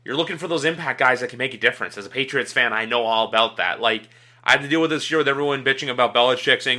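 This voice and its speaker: A man's voice: medium pitch, very fast, sharp tone. A man chiming in on a football podcast, rambling with lots of fillers. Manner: rambling, many fillers, talks in long runs. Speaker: podcast co-host. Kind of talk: casual sports debate.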